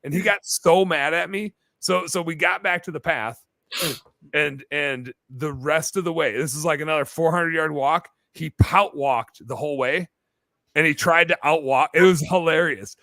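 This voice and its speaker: A man telling a long story as a podcast guest, animated and full of fillers in casual chat. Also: fairly high pitch, moderate pace, vocal fry, no echo. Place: bar-themed podcast set.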